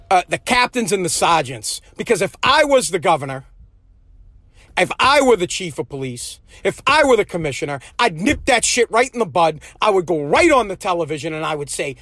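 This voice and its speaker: A man's voice: sits high, fairly bright tone, no echo, studio quality. A man hosting a show, delivering a heated, profane monologue with lots of repetition. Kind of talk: angry ranting monologue.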